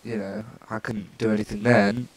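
A man's voice: on the low side, little pitch movement, moderate pace, husky. Chatty, joking male let's player. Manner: reads game dialogue aloud, joking and self-mocking asides; chatty and rambling in asides. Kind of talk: casual gameplay commentary.

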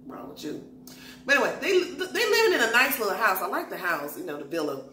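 A woman recapping a reality show in an animated, slangy, gossipy way. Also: on the high side, quick pace, slight background noise. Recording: echoey room.

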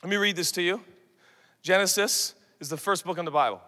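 A man in his thirties preaching to a youth conference, swinging from shouts to quiet asides. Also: high-pitched, a little fast. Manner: animated, shifts from loud shouts to soft asides, acts out quoted voices. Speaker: pastor. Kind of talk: sermon. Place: large conference hall. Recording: long hall reverb.

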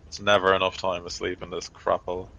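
A man's voice: low voice, monotone, a little fast, gravelly, sharp tone, heavily acted, poor audio. Man doing a grumbling soldier.

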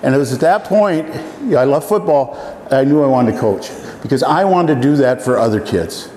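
A man in his seventies, from Iowa, telling folksy personal stories to an audience, often pausing with "uh.". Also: medium pitch, lively intonation, dark tone. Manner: folksy, halting with many fillers. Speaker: speaker. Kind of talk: storytelling talk to an audience. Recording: echoey hall, faint room noise.

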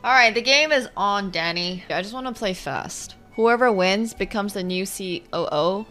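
A woman streaming her online chess games, talking through the moves and swinging from quiet muttering to loud outbursts. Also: mid-range voice, moderate pace, faint music behind. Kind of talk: live commentary while playing online chess.

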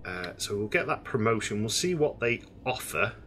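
Chatty gamer, bright voice. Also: male voice, fairly low pitch, big pitch swings, normal speed, a little hiss or hum. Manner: rambling, hesitant, chatty. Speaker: gaming streamer. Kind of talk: casual let's-play commentary.

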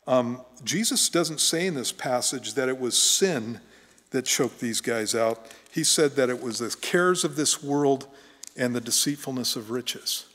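A man's voice: mid-range voice, expressive, measured pace, a bit bright. A middle-aged male pastor preaching in a conversational, folksy storytelling way in a church. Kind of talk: conversational sermon. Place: church sanctuary. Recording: long church reverb.

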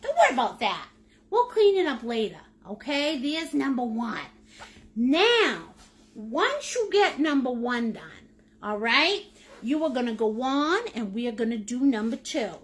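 A woman's voice: on the high side, big pitch swings, measured pace. A woman with a Maine accent, teaching a live painting lesson in a chatty, jokey, upbeat way. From United States. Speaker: painting instructor.

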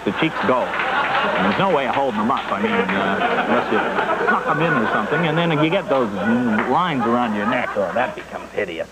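A tactless, gloomy showbiz advisor, played by a man, lectures and insults his guests in a rambling sketch-comedy talk show. His voice sits at an ordinary middle pitch. A steady hiss runs under the broadcast. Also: lightly acted.

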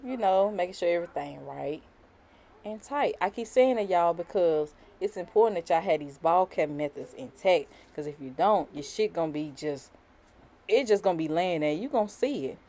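A woman's voice: lowish voice, mellow. A young woman doing a casual, unscripted voiceover for a wig install tutorial. She talks in chatty slang, full of "you know" and "y'all", and keeps breaking off to giggle and apologize out of nerves.

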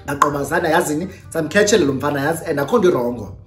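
A young adult YouTuber with a South African accent, telling a story in a lively storytime vlog and switching between English and Xhosa. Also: medium pitch, racing. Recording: roomy echo with faint music.

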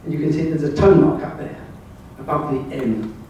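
A man's voice: on the high side, normal speed, warm tone, recorded from a distance, a little hiss or hum. Older Englishman giving a wry talk in an echoey hall. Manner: anecdotal, wry storytelling. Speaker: club speaker. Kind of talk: presentation talk with slides. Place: club meeting room. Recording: very echoey room, voice heard from afar.

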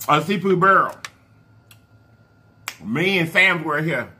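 A man's voice: on the high side, lively intonation, slow, bright, forceful tone, slight background noise. A man talking casually to his viewers while eating a seafood meal, chatty and murmuring between bites. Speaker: mukbang vlogger.

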